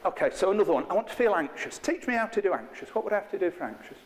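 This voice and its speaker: A man's voice: high voice, big pitch swings, very fast, in a large hall. A middle-aged man, leading an interactive workshop with a live group in a chatty, playful, self-mocking way. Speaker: workshop trainer. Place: training room with a live group.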